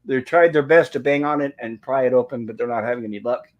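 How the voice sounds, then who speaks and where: A man's voice: medium pitch, quick pace, lo-fi sound. A man hosting a review livestream, casually reading out viewer comments in a friendly, rambling way with many fillers.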